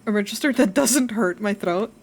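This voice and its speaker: A woman's voice: mid-range voice, normal speed. A young adult woman chatting casually while drawing on a live stream, rambling and self-reflective, laughing often.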